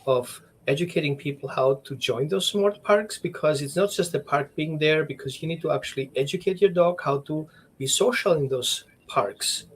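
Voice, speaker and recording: Husky-voiced man dog trainer. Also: fairly high pitch, moderate pace, hardly any pauses. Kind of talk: casual interview chat.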